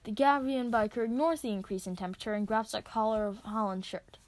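A woman reading her own story aloud, expressive as she narrates. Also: on the high side, a little fast. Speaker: reader.

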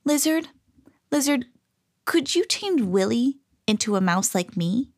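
A woman's voice: mid-range voice, very animated, a little slow, dry recording, studio quality. A woman voicing a small, eager young male mouse in a read-aloud storybook. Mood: hopeful.

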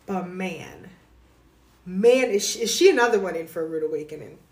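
A woman chatting casually as she recaps a soap opera, gossipy and animated, full of asides. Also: lowish voice, moderate pace.

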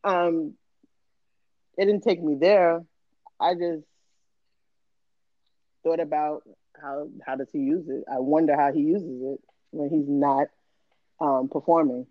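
A man's voice: fairly high pitch, takes it slowly, pauses often, dry recording. Laid-back, hesitant man, muffled sound. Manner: relaxed, hesitant, full of "like" and "you know". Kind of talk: casual chat.

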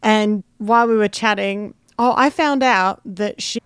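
Aussie woman telling funny stories on a podcast, smooth clear voice, dry sound. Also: medium pitch, measured pace, no echo. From Australia. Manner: lively storyteller, laughs often. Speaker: podcast co-host. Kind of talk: casual chat.

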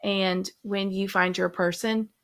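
A woman's voice: medium pitch, fairly even intonation, measured pace. A middle-aged mother talking casually about faith and love as a podcast guest, earnest and affirming. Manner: earnest, affirming with frequent mm-hmms.

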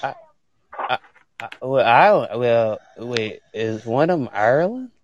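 A man on a podcast call, talking in an excitable, stammering, slangy way. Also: medium pitch, slow, dry recording, lo-fi sound. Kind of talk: casual call-in chat.

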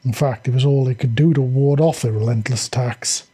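A man reading a fantasy story aloud with steady, dramatic storytelling. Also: mid-range voice, brisk, slightly rough. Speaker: audiobook narrator.

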